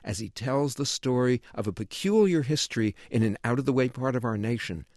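A man reading a scripted book review for a radio program in a measured, even way. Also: mid-range voice, dry recording, clean studio sound. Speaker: book critic.

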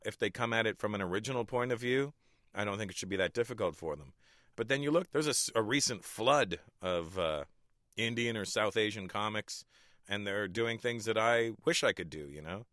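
Middle-aged male comic guest, lowish bright voice, dry close sound, easygoing anecdotes with chuckles. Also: brisk, no echo. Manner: chuckles often, relaxed storytelling. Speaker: stand-up comedian, guest. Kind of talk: casual interview talk.

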